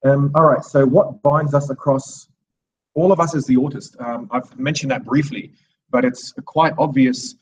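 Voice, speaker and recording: A man's voice: mid-range voice, fairly even intonation, moderate pace, far from the mic, rough recording. A man in his thirties giving a rambling, digressive live speech to an audience, with many restarts. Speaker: speaker at a live event.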